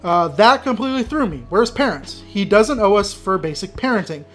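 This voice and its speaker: A man's voice: high-pitched, lively intonation, normal speed, fairly bright tone, soft background music. A man hosting an advice channel, reading an online story aloud and reacting with blunt, exasperated commentary. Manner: exasperated, blunt, breaks into frustrated rants.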